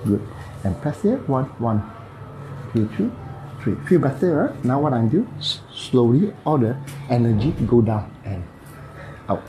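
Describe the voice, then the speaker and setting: A man's voice: mid-range voice, very animated, unhurried, mellow, slight background noise, rough recording. A man with a Malaysian English accent who talks a patient through a hands-on bone-setting treatment, in clipped, simple phrasing and with playful sound effects as he works. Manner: playful, makes sound effects while working.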